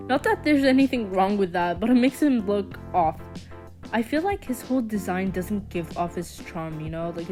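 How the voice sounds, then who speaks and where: A young woman giving a chatty, casual voice-over commentary with quick sarcastic asides. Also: medium pitch, a little mellow. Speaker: commentary vlogger.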